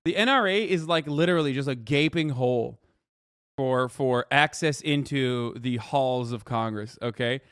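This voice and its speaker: Streamer, male, 30s; profane rants, loud bursts then muttering; mid pitch, dead-dry mic. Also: normal speed, clean tone, dry recording. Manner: profane, ranting, swings between loud outbursts and low mutters. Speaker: streamer reacting to a news video. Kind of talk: live reaction commentary.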